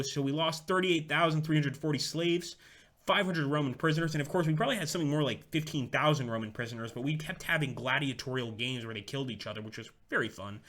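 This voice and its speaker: Young male streamer, excitable, profane, bright tone. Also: fairly high pitch. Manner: excitable, swears freely. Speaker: game streamer. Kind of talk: live game commentary.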